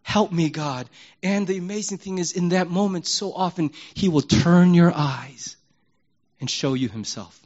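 Male pastor, sermon, candid and emphatic, slightly high voice, dull lo-fi sound. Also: moderate pace. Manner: animated, emphatic preaching that swings between loud and hushed; conversational and candid, acts out prayers in his own voice.

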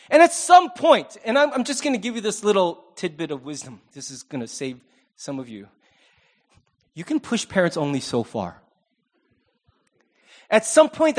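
A man with a high, light voice preaches a sermon in a loose, conversational style. He mixes in jokes and acts out quotes in different voices. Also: very animated, moderate pace. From Asian American. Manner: conversational preaching with humorous asides and acted quotes. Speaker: pastor.

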